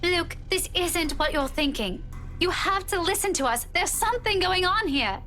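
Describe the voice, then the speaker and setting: A frightened young woman pleading with an armed man, her voice very high and bright. She sounds a little distant, with faint music underneath. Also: animated, normal speed, heavily acted. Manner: urgent, pleading.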